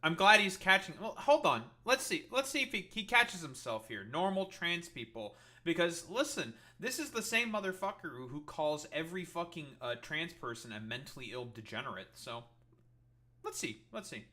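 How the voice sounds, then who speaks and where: A man's voice: a little high, sing-song, moderate pace, bright, forceful tone. A man streamer reacting to a clip, ranting in a heated, sarcastic, profane way. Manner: sarcastic, heated, swears constantly.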